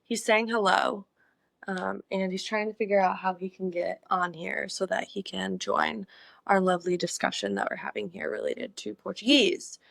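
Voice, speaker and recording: A chatty young woman hosts her own casual vlog in a playful, quirky tone. Her voice sits at an ordinary pitch for a woman. The sound is dry and close, with little room echo. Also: lively intonation, normal speed, gravelly, a bit bright. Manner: playful, chatty, exaggerated greetings. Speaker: vlogger.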